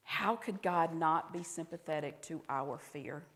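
Addressing her congregation in a fairly low voice, a woman pastor with a Southern US accent speaks a little slowly in a conversational sermon. She occasionally turns soft and intimate, and the church hall's long reverb rings around her.

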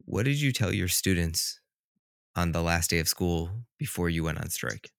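A man's voice: sits low, animated, normal speed, gravelly, no room sound, clean studio sound. A man hosting a show, asking interview questions in a friendly, teasing way.

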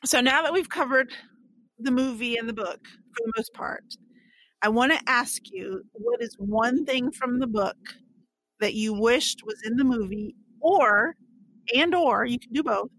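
A woman co-hosting a casual chat about a book and its movie, telling the story with animated bursts as she acts out characters' lines. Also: fairly high pitch, a little slow, no room sound, low-quality recording. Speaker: podcast co-host.

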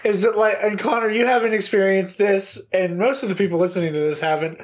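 A man's voice: high-pitched, fairly even intonation, fairly quick. A man co-hosting a casual podcast, talking in a rambling way with many restarts. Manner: rambling, lots of ums and restarts. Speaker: podcast co-host.

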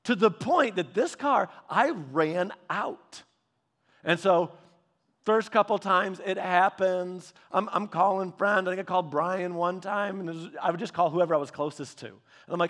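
A man's voice: high voice, moderate pace, a bit bright. A man in his thirties preaching, telling rambling personal stories in a casual, chatty way with frequent restarts. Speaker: pastor.

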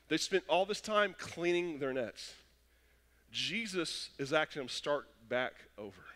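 A young adult man preaching a sermon, telling stories and acting out quotes with lively animation. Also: mid-range voice. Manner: animated storytelling with acted-out quotes. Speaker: pastor. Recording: long hall reverb.

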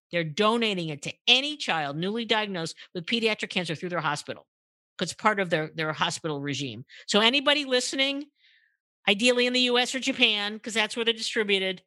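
Older woman guest, animated storyteller, bright voice, dry close mic. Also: dry recording. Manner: acts out quotes with big pitch jumps, many restarts. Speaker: guest, purpose marketing consultant. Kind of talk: animated storytelling in a podcast interview.

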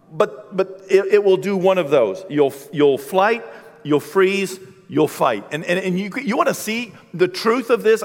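A man preaching a sermon, telling stories with lively energy and shouting out the lines he acts out. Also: a little high. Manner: animated storytelling, shouting acted-out quotes. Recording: long hall reverb.

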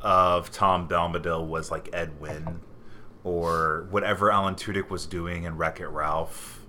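Man, low bright voice, rambling animated chat, casual podcast. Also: measured pace, a little hiss or hum. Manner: rambling, animated storytelling full of "like". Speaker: podcast co-host. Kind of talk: casual book discussion chat.

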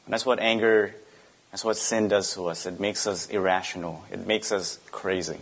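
A man's voice: low-pitched, fairly even intonation, moderate pace, gravelly, husky. A young adult man, a pastor giving a sermon, speaking conversationally with rhetorical questions and asides.

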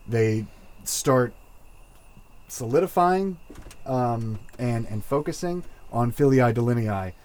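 A man narrating as game master for a tabletop game, slow and hesitant with many fillers. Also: medium pitch, expressive, a little mellow.

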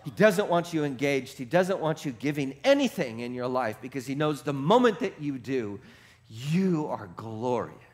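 A man pastor preaching a sermon, moving from hushed, reflective passages to shouted, rapid-fire exclamations, and putting questions to the congregation. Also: mid-range voice, big pitch swings.

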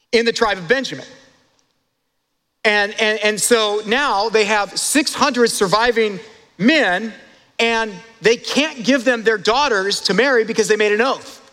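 A male pastor preaching a sermon in an animated way, talking straight to his congregation with quick asides and laughs. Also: high-pitched, big-room sound.

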